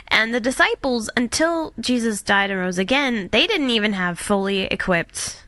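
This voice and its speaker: A woman co-hosting a faith podcast in casual chat, animated and acting out quotes as she talks. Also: mid-range voice, moderate pace, few pauses, no echo. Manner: animated, acts out quotes in voices. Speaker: podcast co-host.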